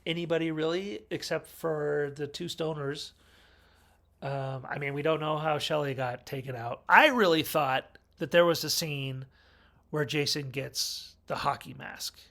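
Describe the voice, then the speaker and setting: A man with a slightly high, gravelly voice talks through a film in a loose, chatty review. He wanders, corrects himself mid-sentence and tosses in dry little asides. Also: fairly even intonation, unhurried, fairly bright tone. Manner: rambling, chatty, wry asides and self-corrections. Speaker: movie reviewer. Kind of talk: casual film review monologue.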